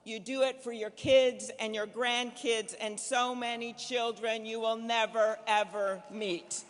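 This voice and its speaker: A middle-aged woman from Minnesota speaks at a podium microphone, landing punchy applause lines and then rattling off a quick anecdote. Her voice carries through a large banquet hall with a long, ringing reverb. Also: a little high, steady tone. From Minnesota, USA. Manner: rousing, punchy applause lines with a repeated refrain, shifting to brisk anecdote. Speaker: senator giving a keynote. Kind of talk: political fundraiser dinner speech.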